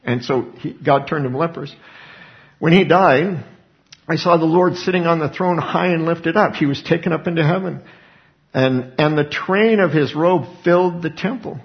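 A male preacher works through scripture in an earnest sermon, with lively asides along the way. His voice sits fairly high for a man and has a gravelly rasp. The recording is muffled and lo-fi. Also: normal speed. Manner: earnest Bible exposition with animated asides. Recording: dull lo-fi recording.

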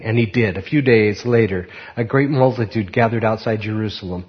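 A man preaching and then reading a children's story aloud, unhurried and reflective, with fillers. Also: on the low side, long reverb tail. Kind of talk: sermon with a read-aloud story. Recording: muffled recording.

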